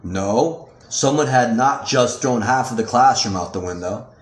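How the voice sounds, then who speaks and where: Man, author reading audiobook, measured narration, mid pitch, roomy echo. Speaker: author reading his own novel.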